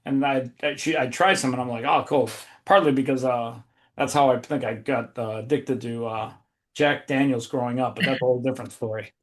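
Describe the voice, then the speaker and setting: In a steady, mid-range voice that runs a little fast, a man hosting a relaxed podcast wanders through lengthy anecdotes. He repeatedly breaks off, starts over, and laughs along the way.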